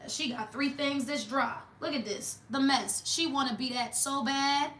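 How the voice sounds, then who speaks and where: A woman's voice: high-pitched, a little slow, a bit bright, reverberant, slight background noise. A woman doing a casual tarot reading for viewers, talking in a blunt, mocking, sassy way. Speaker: tarot reader.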